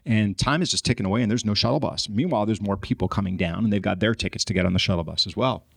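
Brief: male podcast guest, rapid-fire anecdote, dry close sound. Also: fairly low pitch, vocal fry, dry recording. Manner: animated storyteller, acts out his own frustration. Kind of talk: storytelling in casual podcast chat.

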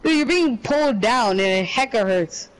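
A man's voice: very high voice, expressive, moderate pace, rough recording. A young man co-hosting a podcast, telling a story in a rambling, exasperated way full of casual slang. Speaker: podcast co-host. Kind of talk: casual chat.

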